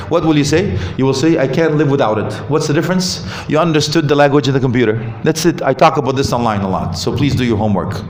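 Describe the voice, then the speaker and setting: A man giving a lively talk on marriage at a mosque, asking the audience questions and joking. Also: medium pitch, fast talker, few pauses. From Canada. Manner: animated, asks the audience questions, jokes. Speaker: visiting Islamic speaker. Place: mosque hall. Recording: roomy hall with faint ambience.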